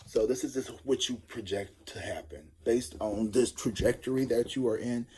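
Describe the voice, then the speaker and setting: A man's voice: mid-range voice, normal speed, warm tone, breathy edge. A man giving a casual tarot reading, rambling and cursing as he jokes through a story. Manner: rambling, profane, joking storyteller. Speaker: tarot reader.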